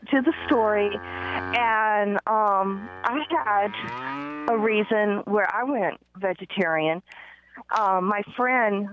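Excitable woman calling in by phone. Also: mid-range voice, slight background noise. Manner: rambling, excitable, many fillers and restarts. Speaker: caller. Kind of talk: phone-in storytelling. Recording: muffled phone line, dry.

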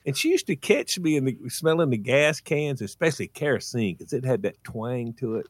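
A man's voice: moderate pace, dry recording. A man telling a funny childhood story on a radio show, acting out his mother's lines. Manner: animated, acts out his mom in a high voice. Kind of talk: casual storytelling on morning radio.

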